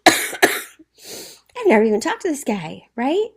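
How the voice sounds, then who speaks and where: A woman's voice: a little high, big pitch swings, unhurried, vocal fry, pauses often. A woman teacher explaining a play to students in a conversational way, often checking in with rhetorical questions.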